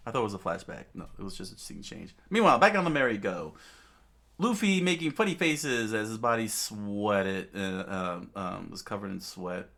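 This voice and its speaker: A man reading a manga aloud casually, halting and correcting himself, with asides. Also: fairly low pitch, gravelly, a bit bright. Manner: halting, full of hesitations and self-corrections.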